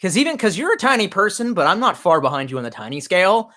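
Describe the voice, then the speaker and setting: A man's voice: high voice, very animated, quick pace, sharp tone. A young man streaming live, rambling loosely and swearing a lot as he reads out chat comments, tipsy. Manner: profane, rambling, drunk banter. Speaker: livestreamer. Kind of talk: casual livestream chat reading comments.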